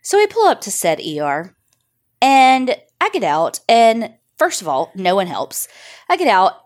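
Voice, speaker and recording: A woman's voice: mid-range voice, wildly swooping pitch, a little slow. A woman, chatting on a podcast in a blunt, joking way with frequent swearing. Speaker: podcast co-host. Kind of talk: casual chat.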